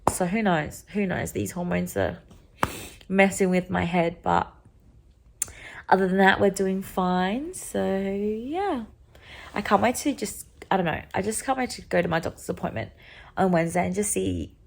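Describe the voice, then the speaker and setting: A woman's voice: medium pitch, normal speed, vocal fry, darkish tone. A young woman talking casually to a handheld camera, rambling and chatty, full of "like" and "um". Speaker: vlogger.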